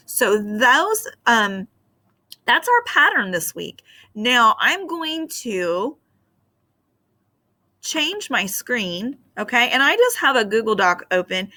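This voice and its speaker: A woman teacher giving a recorded spelling lesson to her class, explaining patiently and filling pauses with um. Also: fairly high pitch, sharp tone. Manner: slow, patient explaining with fillers.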